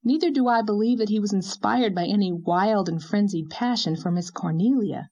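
A woman's voice: mid-range voice, warm tone, close to an everyday voice. A woman voicing a cheerful young wife who teases her friend in a playfully bossy way. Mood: teasing. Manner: teasing, brisk, playfully bossy. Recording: dull lo-fi recording.

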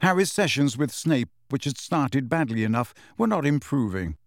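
A male audiobook narrator reads in a measured, storytelling cadence. His pitch sits in a middle range but moves with lively expression. The recording is dry and close, with no room sound. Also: dry recording. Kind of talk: scripted narration.

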